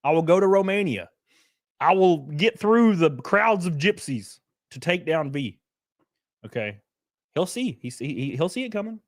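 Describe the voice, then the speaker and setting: A man's voice: on the high side, big pitch swings, normal speed, no room sound, clean studio sound. Joking man streaming. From Alabama. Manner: loud, joking, reads chat. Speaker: streamer host. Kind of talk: casual livestream commentary. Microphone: headset.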